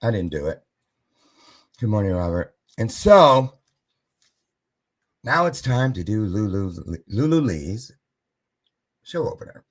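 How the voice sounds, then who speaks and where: A man with a husky, slightly rough voice hosts his live-stream show. He tells a rambling personal story, and his pitch swings widely as he acts out each quoted voice. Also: sing-song, takes it slowly, pauses often. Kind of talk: casual storytelling monologue.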